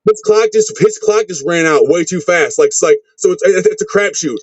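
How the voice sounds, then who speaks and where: A man's voice: high-pitched, fairly quick, dry recording. A man in his thirties, a wrestler, rambling in a casual interview and swearing constantly. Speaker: wrestler, podcast guest. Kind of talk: casual profane interview chat. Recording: dull lo-fi sound.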